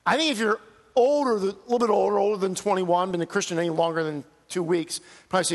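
A man's voice: sits high, steady tone, quick pace, in a large hall. A middle-aged man preaching a sermon as pastor, earnest and building emphasis as he reads out cries from scripture.

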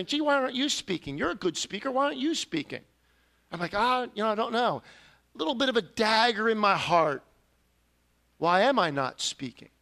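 A man's voice: high-pitched, bright, forceful tone. A man preaching a sermon, telling a personal confession in an earnest, storytelling way with sudden emphatic rises. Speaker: pastor.

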